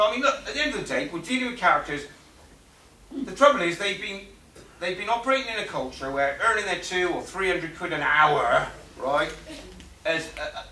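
A man giving an animated, anecdotal conference talk, acting out quotes and laughing often. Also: on the high side, slight background noise. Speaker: conference speaker. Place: conference room. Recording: roomy hall audio from far off.

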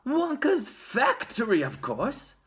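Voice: mid-range voice, huge pitch swings, slow pace, pitched above the performer's own voice, full character voice. Reader playing old grandpa, kindly, secretive, drops to a whisper, storybook. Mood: telling. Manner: hushed, conspiratorial whispers.

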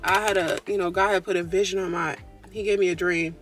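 A woman's voice: lowish voice, fairly even intonation, a little fast, fairly bright tone, soft background music. A woman vlogger talking from her car, giving earnest, preachy faith encouragement straight to her viewers. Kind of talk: casual faith encouragement talk.

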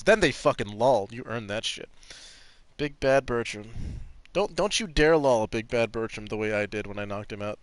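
A man's voice: medium pitch, a bit bright, no echo. Guy streaming a game, swearing a lot and joking with chat, dry close mic. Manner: profane, joking, chatting to viewers. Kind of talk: casual gameplay commentary.

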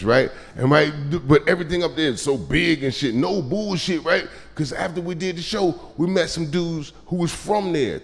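Profane stand-up comedian, gravelly voice. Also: male voice, fairly high pitch, noisy background. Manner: profane, loose storytelling with sudden shouted punchlines. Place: comedy club stage. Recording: live club recording with crowd laughter. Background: audience laughter.

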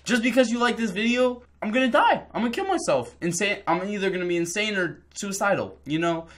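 A man's voice: sits high, animated, brisk, fairly bright tone. A young man reacting to scary videos in casual commentary, jumpy and swearing, breaking into panicked screams.

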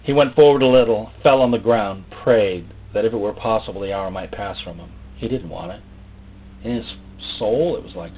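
A man preaching a sermon in a folksy, joking way, acting out little voices and rising suddenly to loud, high outbursts. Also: moderate pace, slight background noise. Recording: tinny phone-like sound.

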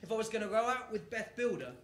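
A man performing a rhyming spoken-word story poem live, with a rhythmic delivery that builds to shouted lines. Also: high-pitched, animated, fast talker, a little hiss or hum. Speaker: performance poet. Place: live venue on stage. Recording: roomy live venue sound.

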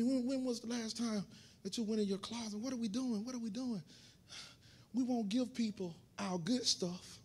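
A man preaching a sermon in a church, repeating his words as he goes and swelling into shouted preaching. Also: sits high, moderate pace, husky. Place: church sanctuary.

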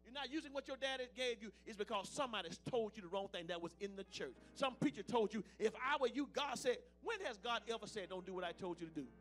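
A man preaching a fiery sermon as pastor, swinging between loud declarations and low, hushed asides. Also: animated, quick pace, few pauses, soft background music.

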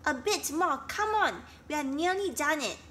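Woman doing a young male storybook animal, eager, exclaiming, high and bright. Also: lively intonation, normal speed, a little hiss or hum. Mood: urging.

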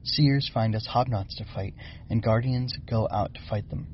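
A man's voice: lowish voice, normal speed, muffled recording, slight background noise, lightly acted. A man voicing an eager, argumentative young bug girl. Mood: insistent. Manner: pushy, insistent questioning.

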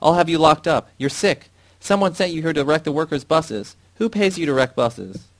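A man reading aloud and voicing an angry male foreman who shouts his orders in a raised, strained voice. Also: fairly high pitch, sing-song, fast talker, voice pushed up. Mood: furious shouting. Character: furious bellowing male bus-depot foreman.

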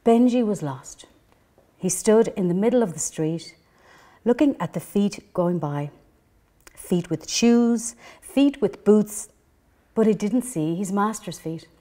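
Gentle Irish woman reading a children's story. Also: measured pace. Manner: gentle, clear storytelling with animated pitch. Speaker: children's librarian.

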